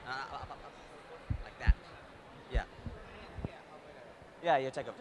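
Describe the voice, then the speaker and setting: A man with a New Zealand accent speaking at a conference, casual and energetic, with many fillers and restarts. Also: medium pitch, takes it slowly, long pauses, slight background noise. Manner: energetic, leads the audience in a game. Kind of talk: conference talk.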